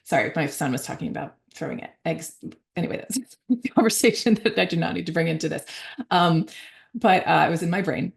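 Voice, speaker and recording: A middle-aged woman speaks in a low voice with a gravelly, creaky texture. She gives a conversational talk as an author, with frequent fillers and self-corrections. Now and then she slips into higher voices to act out a parent or a child. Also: fairly quick.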